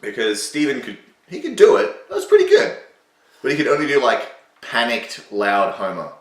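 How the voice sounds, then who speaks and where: A man's voice: medium pitch, huge pitch swings, normal speed, fairly bright tone, echoey room, far from the mic. A man hosting a casual, self-mocking commentary on his own old video, sarcastic and swearing freely.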